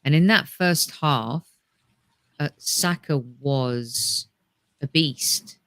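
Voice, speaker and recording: A woman's voice: low voice, drawn-out words, fairly bright tone, no echo. A woman guest chatting on a podcast. She rambles and restarts her sentences often. The sound is dry and close to the mic. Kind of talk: casual chat.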